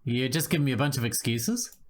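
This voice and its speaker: A man's voice: mid-range voice, animated, a little fast, natural voice. A man reading a whiny, disgusted receptionist woman. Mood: put-upon.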